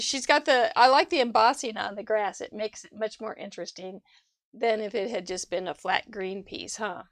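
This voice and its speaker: A woman's voice: medium pitch, normal speed, no room sound, studio quality. A woman hosting a live crafting show over a video call, gushing over viewers' cards with frequent laughs. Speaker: host. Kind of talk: casual livestream chat.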